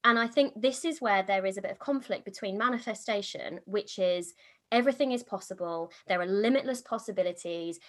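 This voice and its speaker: A woman hosting a podcast, upbeat and chatty, talking quickly and enthusiastically in a casual conversation. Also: mid-range voice. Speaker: podcast host. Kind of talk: casual chat.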